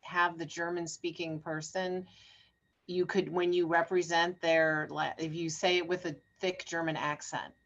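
A woman's voice: on the low side, flat delivery, unhurried, fairly bright tone, dull audio. A woman co-hosting a podcast in casual chat, probing with questions. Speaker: podcast co-host.

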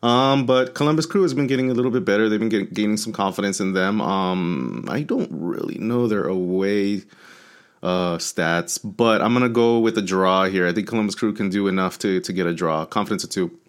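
A man on a casual sports prediction podcast, talking in a halting, hedging way with many restarts. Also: lowish voice, clear, resonant tone. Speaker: panelist.

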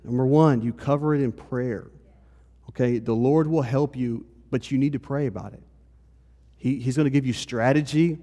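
A man's voice: mid-range voice, normal speed, warm tone. Man preaching in an echoing hall. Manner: conversational, often checks in with "okay?". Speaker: pastor. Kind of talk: sermon. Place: church hall. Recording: long reverb of a hall.

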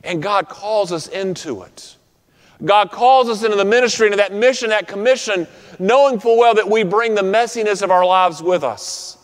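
A man with a fairly high voice preaches a sermon, building his points through rhythmic repetition and slowing down to land the key phrases. His voice carries a long reverb, as if it rises through a big sanctuary. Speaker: pastor. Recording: long reverb of a large room.

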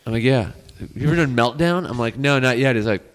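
A man's voice: mid-range voice, quick pace, a little hiss or hum. A man who is a guest comedian, chatting in an easygoing, wry way about comedy clubs. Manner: easygoing, wry, trades club stories. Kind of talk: casual comedy chat.

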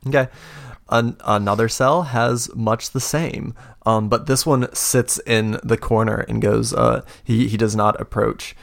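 A man narrating as game master of a tabletop game, halting and full of fillers. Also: medium pitch, steady tone, gravelly.

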